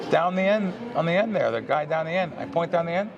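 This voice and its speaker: Animated storytelling man, gravelly voice. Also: sits high, rapid-fire, a crowd in the background. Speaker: podcast host, pro sports bettor. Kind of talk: casual storytelling chat.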